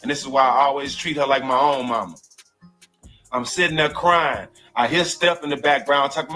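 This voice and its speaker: A man's voice: medium pitch, fairly even intonation, normal speed, pushed and bright, faint music behind. A man telling an emotional personal story in casual talk, profane and repetitive, often calling listeners bro and dog.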